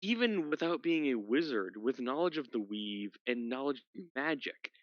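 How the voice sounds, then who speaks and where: A man playing a tabletop game, talking in an animated, emotional way. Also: mid-range voice, normal speed, no echo, highs cut off. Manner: animated, emotional, laughing often. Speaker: player. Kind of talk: tabletop game role-play chat.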